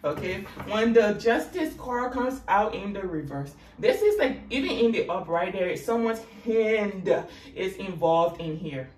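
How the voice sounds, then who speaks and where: A woman with a West African accent giving a casual, sassy tarot reading, with big swings in pitch as she talks. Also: unhurried. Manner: sassy and animated, with big swoops in pitch and laughter. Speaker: tarot reader. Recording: roomy, distant mic with faint noise.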